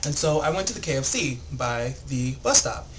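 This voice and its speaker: A young man vlogging a rambling, animated story, packed with filler words. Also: mid-range voice, moderate pace, background noise. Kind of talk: casual storytelling vlog.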